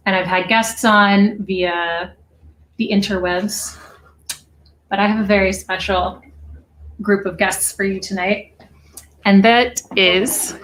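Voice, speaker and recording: A woman hosts her own music livestream from a rented house with friends, chatting casually and laughing between songs. She's a singer-songwriter who laughs easily and drifts into rambling asides. Her voice is medium-pitched and fairly bright, slow with long pauses, and the audio is poor.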